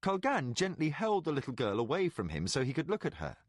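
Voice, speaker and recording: Male fantasy narrator; lively, expressive storytelling, close dry booth. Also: fairly high pitch, a little fast, hardly any pauses, no echo. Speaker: audiobook narrator.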